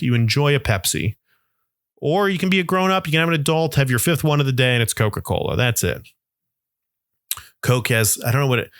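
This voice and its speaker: A young man hosting a solo podcast, ranting in an animated, mock-outraged way and acting out imagined voices. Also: a little high, no room sound, clean studio sound. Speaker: podcast host. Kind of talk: solo comedic rant.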